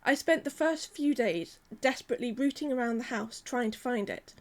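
A woman, preaching a sermon in a gentle, measured, earnest way. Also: on the high side.

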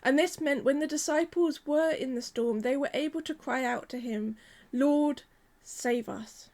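A woman, preaching a sermon in a gentle, measured, earnest way. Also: sits high.

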